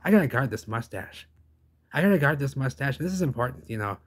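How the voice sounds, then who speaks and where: A man's voice: mid-range voice, animated, fast talker, husky, pitched above the performer's own voice. A man voicing a cocky, playful mechanic who brushes others off with offhand jokes. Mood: joking.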